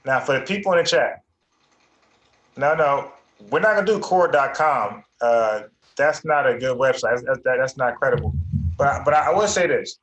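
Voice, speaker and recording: A man's voice: medium pitch, expressive, moderate pace, a bit bright, reverberant, highs cut off. A man hosting an online debate show, firm and insistent, repeating himself to make a point. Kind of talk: heated debate.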